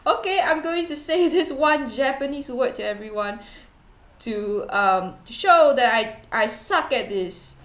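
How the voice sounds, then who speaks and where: A young woman with a fairly high voice chats casually, rambling and giggling as she pokes fun at herself. Her voice bounces around a noticeably echoey room. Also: expressive, measured pace, fairly bright tone. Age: young adult. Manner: rambling, giggly, self-deprecating. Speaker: VTuber streamer. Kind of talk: casual chat. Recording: roomy echo.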